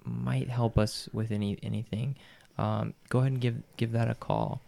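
A man's voice: medium pitch, fairly even intonation, moderate pace, creaky, dark tone. A man role-playing a priest in a tabletop game, talking hesitantly with many restarts. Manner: hesitant, lots of fillers and restarts. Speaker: player voicing a priest.

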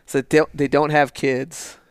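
A man's voice: fairly high pitch, little pitch movement, normal speed, clear, resonant tone, no echo, clean studio sound. A man co-hosting a podcast in loose, casual chat, swearing freely and laughing often. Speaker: podcast co-host.

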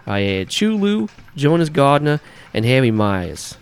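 A man voicing a crude, gruff New York cab dispatcher with a put-on New York accent who swears and blusters. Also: medium pitch, very animated, unhurried, pitched above the performer's own voice.

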